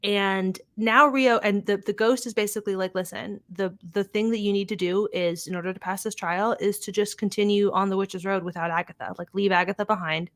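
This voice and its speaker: A woman's voice: medium pitch, steady tone, brisk, few pauses, fairly bright tone, dry recording. A woman casually recapping a TV episode, chatty and swearing freely, paraphrasing what the characters say. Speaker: podcast host recapping a TV episode.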